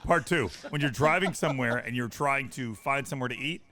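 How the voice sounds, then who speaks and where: A man co-hosting a radio morning show, telling loud, animated stories about what annoys him in casual on-air banter. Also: medium pitch, a little fast, over a noisy crowd. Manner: loud, animated ranting storyteller. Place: radio studio.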